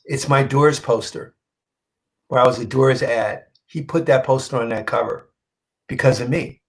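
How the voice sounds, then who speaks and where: A man's voice: medium pitch, moderate pace, rough recording. Guy telling a heartfelt story in an interview, acts out the other voices, stumbles and repeats when it gets emotional. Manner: animated, acts out quoted dialogue. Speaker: comic book artist guest.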